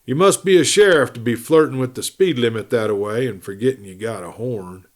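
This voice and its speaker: A man reading aloud, voicing a cool, wry cowboy drifter who speaks in a slow drawl. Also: medium pitch, natural voice.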